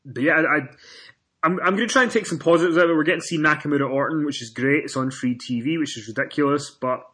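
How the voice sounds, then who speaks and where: A man co-hosting a casual wrestling podcast, telling stories with animated swings in pitch and loudness. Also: quick pace. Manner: animated storytelling, rises in pitch and volume when excited. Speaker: podcast co-host.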